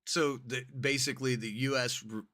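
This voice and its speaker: A man co-hosting a podcast, rambling and animated as he chats casually. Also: mid-range voice, normal speed, no room sound. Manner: rambling, animated, self-interrupting. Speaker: podcast co-host.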